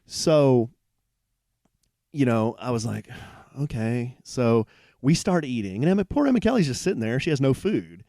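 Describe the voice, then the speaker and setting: A man co-hosting a podcast from a hotel room, telling a long anecdote in a rambling, animated way with many restarts. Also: mid-range voice, moderate pace, no echo, studio quality. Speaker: podcast co-host. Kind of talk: casual storytelling chat.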